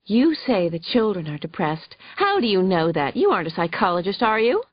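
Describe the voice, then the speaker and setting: A woman's voice: medium pitch, sing-song, a little fast, no echo, highs cut off. A woman voicing a snide, huffy female attorney who fires badgering questions in an audiobook. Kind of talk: audiobook character voice.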